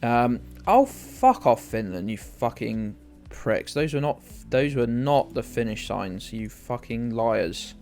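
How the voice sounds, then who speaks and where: A man's voice: medium pitch, sing-song, slow, a little mellow. A young British man live-streaming a game, rambling and joking with viewers and swearing freely. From United Kingdom. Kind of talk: casual live-stream chat while playing. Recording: faint music in the background.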